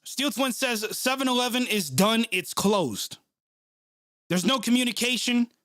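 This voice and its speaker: A man hosting a live stream of a football game reacts with furious, profanity-laced play-by-play commentary. Though unhurried, his very high voice has a sharp edge, and the studio-quality audio has no room sound.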